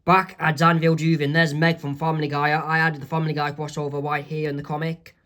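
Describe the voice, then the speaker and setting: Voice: mid-range voice, flat delivery, fast talker, a bit bright. Rambling amateur comic narrator. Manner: rambling, full of ums and self-corrections. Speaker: comic creator narrating own strip. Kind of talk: amateur comic read-aloud.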